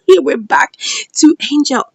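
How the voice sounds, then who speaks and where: A woman recaps a drama episode with dramatic flair, laughing and acting out the lines. Her voice is high and swoops widely from phrase to phrase, in a close, dry sound. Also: big pitch swings, normal speed, no room sound. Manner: dramatic, laughing, acts out the quotes. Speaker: series reviewer.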